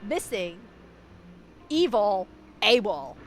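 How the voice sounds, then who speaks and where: A woman's voice: medium pitch, big pitch swings, drawn-out words, a little hiss or hum. A woman streamer giving casual game commentary, chatty and swearing, swinging into emotional rants.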